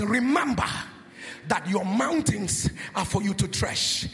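A man preaching a charismatic sermon on a handheld microphone in a church hall, in a sing-song cadence that swings into shouting, and leading the congregation in call-and-response. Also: high-pitched, expressive, slow pace, vocal fry. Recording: long hall reverb with music behind.

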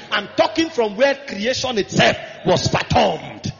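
Male preacher, high and highly animated, shouting and chanting his points; muffled recording in a reverberant hall. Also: normal speed, gravelly, few pauses. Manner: impassioned, rising to shouts and sing-song cadences. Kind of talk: sermon.

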